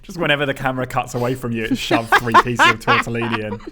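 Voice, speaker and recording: A man reads listener emails on a casual podcast and chats with his co-host, laughing often. His voice sits at an ordinary middle pitch and jumps sharply upward as he reacts. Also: big pitch swings, fast, over loud music.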